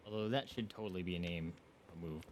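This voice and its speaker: A man streaming a video game, commentating live, excitable and yelping and swearing at the action. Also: low voice, fast talker, slight background noise.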